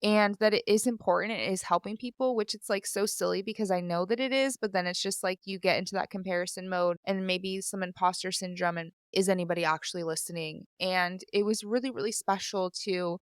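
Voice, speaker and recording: This young woman hosts her own podcast and chats candidly and casually, leaning on fillers and sounding teary and sniffly at times. She speaks at a medium pitch with fairly even intonation, briskly and with hardly any pauses, in a smooth voice. Her studio microphone gives clean studio sound without echo.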